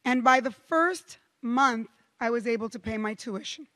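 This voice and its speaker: A middle-aged woman from Cuba giving a keynote speech to a conference audience, telling stories with lively, emphatic pauses. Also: fairly high pitch. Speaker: keynote speaker. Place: large hall. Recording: long hall reverb.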